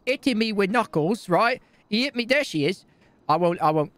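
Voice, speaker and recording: A man's voice: high-pitched, expressive, normal speed, fairly bright tone, dry recording. A man talking brashly and crudely in rambling bursts as his character in improvised game role-play.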